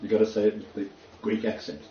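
Rambling preacher in a roomy hall. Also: male voice, fairly low pitch, fairly even intonation, dark tone, slight background noise. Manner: rambling, halting, chuckling asides. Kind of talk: informal sermon with anecdotes. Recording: roomy, dull church recording.

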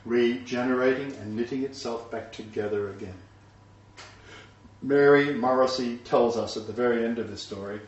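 A man's voice: fairly low pitch, slight background noise. A man preaching a sermon to a small congregation, speaking emphatically and raising his voice when he quotes scripture. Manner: emphatic, builds to raised voice when quoting God. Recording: roomy echo, distant mic, dull sound.

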